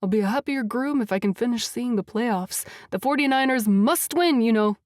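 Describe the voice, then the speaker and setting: A woman's voice: fairly high pitch, moderate pace, darkish tone, dry recording, studio quality, lightly acted. A woman voicing a joking young groom who is an eager football fan. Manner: light and joking.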